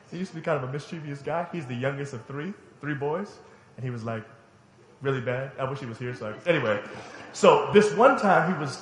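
A man's voice: a little high, a bit bright, reverberant. A middle-aged man preaching a sermon, telling family stories emphatically and laughing along the way. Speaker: pastor. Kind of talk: sermon storytelling.

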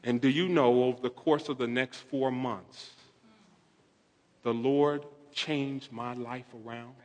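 A young man preaching a sermon, telling a personal story with animated delivery and quoting others in softer voices. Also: mid-range voice, slow pace. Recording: long hall reverb.

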